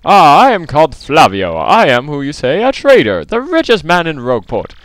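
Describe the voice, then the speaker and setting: Brief: man doing a theatrical rich merchant for a game read-through, high and sweeping, grand exclamations. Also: wildly swooping pitch, moderate pace, a bit bright, dry recording. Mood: grandiose. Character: pompous rich male merchant, theatrical and dramatic. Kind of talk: let's play voice reading.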